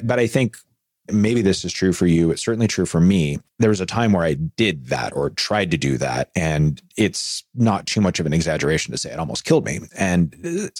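A man's voice: low-pitched, a little mellow, breathy edge, dry recording, studio quality. A man hosting a podcast interview, reflective and affirming, thinking aloud as he talks. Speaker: podcast host.

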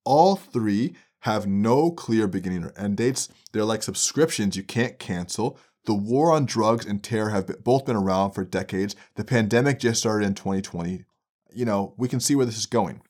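A young man hosting a podcast, delivering an essay-style commentary in an animated, profane way that swings from low mutters to loud outbursts. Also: moderate pace. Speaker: podcast host.

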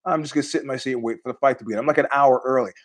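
A middle-aged man hosting a podcast, telling rambling stories in a casual, animated way, laughing often and swearing freely. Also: mid-range voice, racing. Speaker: podcast host.

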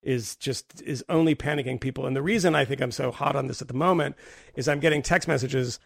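A man's voice: mid-range voice, a little fast, creaky, dry recording, clean studio sound. A man co-hosting a podcast in casual chat, rambling and restarting his sentences, often breaking into laughter. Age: adult with a daughter. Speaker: podcast co-host.

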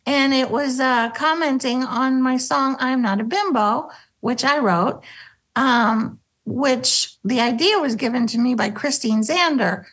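A middle-aged woman, a former sketch comedy cast member, telling animated stories in a casual interview and acting out the quotes. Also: measured pace, low-quality recording. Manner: animated, acts out quotes, drops into a low voice for bits.

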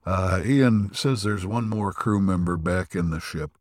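Low-voiced man recapping, dry sound. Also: measured pace, no echo. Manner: rambling, filler-heavy retelling with frequent throat clearing. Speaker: podcast co-host. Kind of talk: casual recap discussion.

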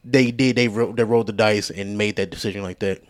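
Laid-back, low-voiced man podcaster. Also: steady tone, brisk. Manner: laid-back, rambling, profane. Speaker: podcast co-host. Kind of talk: casual chat.

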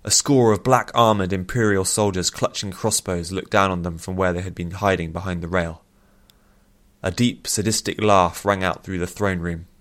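A man narrates a fantasy audiobook in a somewhat low voice. He reads in a measured, steady storytelling way.

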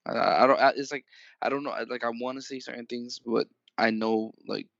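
A man's voice: mid-range voice, fairly even intonation, fairly quick, vocal fry, a bit bright, no echo, muffled recording. A man co-hosting a small podcast, talking hesitantly with stumbling restarts and the odd swear word. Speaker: podcast co-host. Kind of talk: casual podcast chat.

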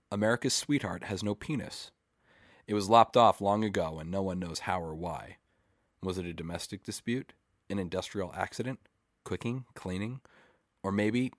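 A man reading a short story aloud in a measured, deadpan way. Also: sits low, no room sound, studio quality. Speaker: story reader.

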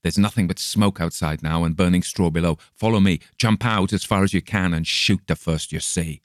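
A man's voice: low-pitched, normal speed, dry recording, studio quality, natural voice. A man voicing a frantic, terrified man. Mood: urgent alarm. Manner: gasping, urgent exclamations. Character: shaken man, feverish then urgently defiant. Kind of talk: audiobook character voice.

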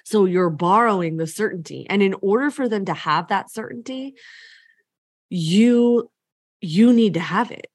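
A woman hosting a solo podcast, coaching listeners on sales calls in a lively conversational way and acting out what clients say. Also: medium pitch, a little slow, dry recording, clean studio sound. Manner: energetic, conversational, acts out client lines.

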